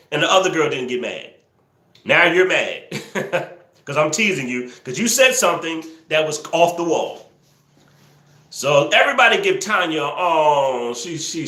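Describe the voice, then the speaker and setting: A man hosting a live stream, teasing viewers and scolding trolls in the chat, sometimes yelling excitedly. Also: fairly high pitch, echoey room. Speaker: livestream host. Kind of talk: casual live-stream commentary, talking to the chat.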